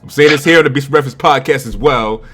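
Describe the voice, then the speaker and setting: A man hosting a podcast, excitable and bantering, often repeating words. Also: mid-range voice, fast talker, soft background music. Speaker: podcast host. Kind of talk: casual interview chat.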